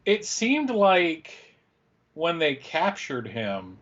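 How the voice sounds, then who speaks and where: Easygoing male co-host, a little high-pitched, on slightly muffled audio. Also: wildly swooping pitch, drawn-out words, fairly bright tone. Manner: easygoing, laughs often. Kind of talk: casual fan chat.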